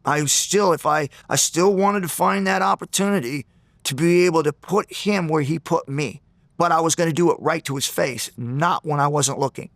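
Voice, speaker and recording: A man being interviewed, telling a story in an animated way, acting out the people in it and often restarting and repeating words. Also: a little high, normal speed, no room sound. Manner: animated, acts out the people in his stories. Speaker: interview guest.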